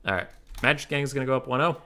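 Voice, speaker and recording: A man's voice: medium pitch, racing, pushed and bright. A man casting a strategy game tournament live on stream, chatty and prone to digressions, talking to his chat between calls.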